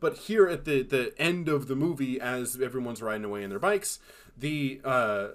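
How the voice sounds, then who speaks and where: Male podcast co-host, mid-pitched, animated and profane, acts out movie lines. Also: moderate pace. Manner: animated, swearing, acts out quotes in exaggerated voices. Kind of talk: casual chat.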